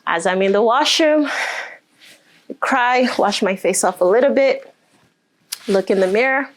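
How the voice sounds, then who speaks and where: Earnest woman giving a motivational talk. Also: unhurried. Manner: emotional, earnest storytelling; leads the group in deep breaths and affirmations. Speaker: motivational speaker. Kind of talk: motivational talk to a live group.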